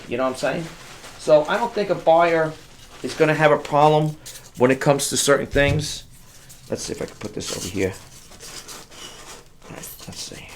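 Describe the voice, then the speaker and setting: Chatty man rambling over clicking noise. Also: on the high side. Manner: rambling, chatty, addresses viewers as folks. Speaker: online reseller. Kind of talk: casual talk to camera while packing. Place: workspace away from the house. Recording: clicks and clear background noise.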